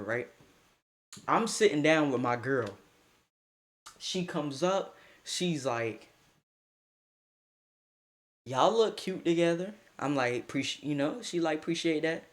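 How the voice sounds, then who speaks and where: A young man telling a casual storytime with slang and swearing, breaking into high-pitched outbursts. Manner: animated, swings into high-pitched outbursts when quoting.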